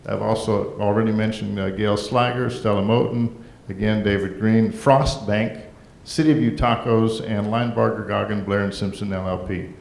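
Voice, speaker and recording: A man's voice: fairly low pitch, fairly even intonation, normal speed, gravelly, hardly any pauses, darkish tone, echoey room. A man speaking as mayor at a council meeting, in a folksy, rambling way with frequent restarts. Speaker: mayor presenting a proclamation. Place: council chamber.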